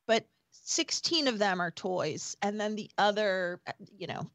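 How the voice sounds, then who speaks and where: A woman's voice: mid-range voice, expressive, measured pace, fairly bright tone, dry recording. A woman co-hosting a casual comedic chat, talking about her kids with laughs and mock exasperation. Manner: chatty, laughing, exasperated parent.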